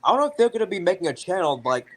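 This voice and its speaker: A man chatting casually and eagerly, jumping in with quick remarks. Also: high-pitched, very animated. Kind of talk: casual chat.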